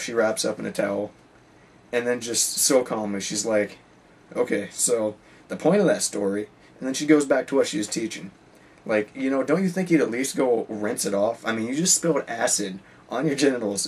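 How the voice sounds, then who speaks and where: A man's voice: mid-range voice, a little fast, recorded from a distance, a little hiss or hum. A teenage boy casually telling stories about his school day, rambling with lots of "like" and "you know.". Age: teens. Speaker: high school student. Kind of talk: casual storytelling.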